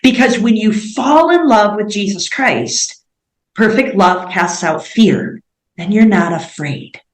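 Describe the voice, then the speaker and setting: An earnest American woman in her forties talks through an interview at an ordinary pitch, her sentences strewn with "like" and "um". The room around her is echoey and roomy. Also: animated, takes it slowly. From United States. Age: 40s. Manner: earnest, many fillers like "like" and "um". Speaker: missionary guest. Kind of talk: interview conversation.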